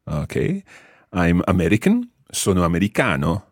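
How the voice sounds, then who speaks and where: A Scottish man with a very low, husky voice leads a podcast language lesson. His pitch rolls up and down a lot as he patiently explains and repeats each word. The recording is close and dry. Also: huge pitch swings, normal speed, dry recording. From Scotland. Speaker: language teacher and host.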